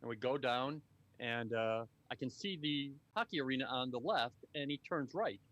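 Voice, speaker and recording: A man from Buffalo, New York, telling a story calmly in casual comedy chat. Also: mid-range voice, moderate pace, dull audio.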